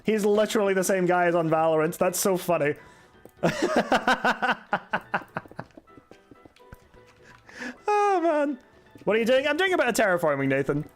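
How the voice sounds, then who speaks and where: A man's voice: high-pitched, expressive, very fast, hardly any pauses, soft background music. A young man streaming a game, chatting casually and answering chat with sarcasm and swearing. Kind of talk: casual live-stream chat while gaming.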